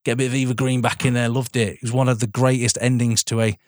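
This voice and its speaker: Speaking fast in a level, darkish mid-range voice, a man co-hosts a podcast and enthusiastically talks films in a casual way. He swears and keeps calling his friend "mate." There's no room sound, and the quality is studio-grade.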